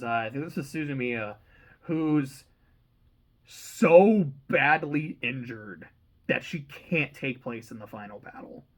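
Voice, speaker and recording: A young man giving a casual, excitable book reaction, rambling and swearing freely. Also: medium pitch, poor audio. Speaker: reaction channel host.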